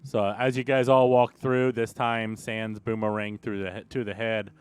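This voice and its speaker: A man's voice: fairly low pitch, flat delivery, moderate pace, clean tone, no echo. A man running a tabletop role-playing game, describing the scene and calling for dice rolls. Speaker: game master.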